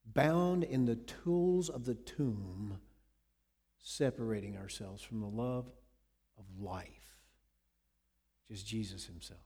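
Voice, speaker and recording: A man preaching a sermon, retelling scenes dramatically with sudden swings between loud and hushed delivery. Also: on the low side, slow, pauses often, breathy edge, big-room sound. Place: church.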